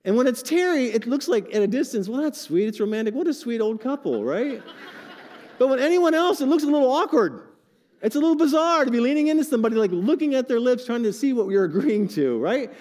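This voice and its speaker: An older man preaching a sermon to his congregation, animated and joking with asides. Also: extremely high pitch, fairly quick, long reverb tail. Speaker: pastor.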